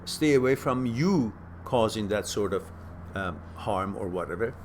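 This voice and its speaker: A man hosting a question-and-answer stream, giving casual spoken advice that turns animated as he stresses points and repeats words. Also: lowish voice, unhurried, a little hiss or hum. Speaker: host answering viewer questions.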